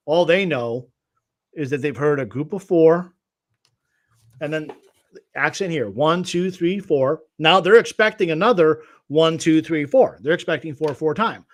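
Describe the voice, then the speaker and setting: A man teaching guitar rhythm on a livestream, patiently explaining and counting beats aloud. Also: on the high side. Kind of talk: livestream music lesson.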